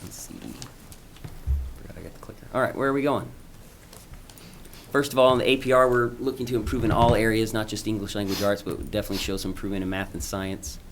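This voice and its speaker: Low-voiced male principal, casual and halting presenter at a board meeting. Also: slight background noise. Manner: informal, halting, with frequent ums and restarts. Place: school board meeting room.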